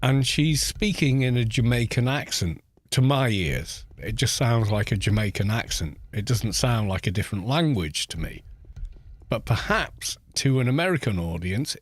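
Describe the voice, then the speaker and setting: A man's voice: medium pitch, dry recording. A British man in his forties, chatting casually and rambling while he streams a game. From Britain. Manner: rambling, musing, with frequent restarts. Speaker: gaming streamer. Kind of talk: casual chat while gaming.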